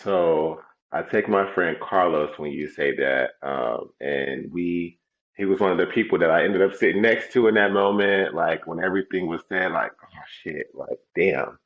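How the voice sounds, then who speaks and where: A young man co-hosts a casual podcast in a very deep voice. He talks in a loose, laid-back way and swears freely. The recording is a little dull and muffled. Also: normal speed, reverberant. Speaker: podcast co-host. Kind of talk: casual chat.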